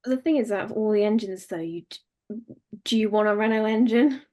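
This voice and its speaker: A woman's voice: mid-range voice, a little fast, warm tone. A woman co-hosting a casual podcast, chatty and a little hesitant. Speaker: podcast co-host.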